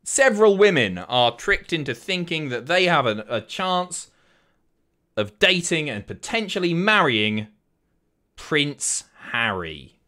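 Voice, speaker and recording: A man's voice: a little high, very animated, slow pace, sharp tone. A man streaming, chatting casually and joking with his chat, swearing freely. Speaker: streamer reacting to a reality show.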